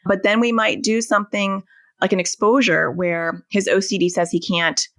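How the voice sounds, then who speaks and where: A woman's voice: mid-range voice, steady tone, moderate pace, a bit bright, dry recording, studio quality. A woman therapist, a guest on an interview podcast, explaining things and illustrating them with everyday family examples. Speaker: anxiety and OCD therapist, guest.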